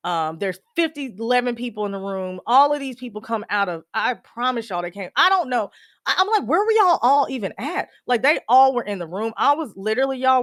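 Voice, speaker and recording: A woman's voice: medium pitch, fairly bright tone, no room sound, clean studio sound. A woman podcast host telling a personal story with emotion, talking straight to her listeners. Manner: emotional, addresses listeners as y'all.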